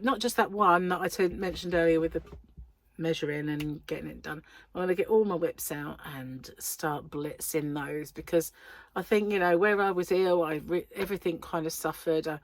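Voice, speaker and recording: A crochet vlogger from England rambles through a casual chat with many ums, her throat still a touch sore. Her lowish voice moves at a moderate pace, and faint hiss or hum sits in the background.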